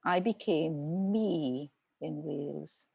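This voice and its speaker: Older trini lady, author being interviewed, low husky gravelly voice, dry close sound, takes her time. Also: a little mellow, no echo. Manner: reflective, unhurried storytelling. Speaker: author guest. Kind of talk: conversational interview.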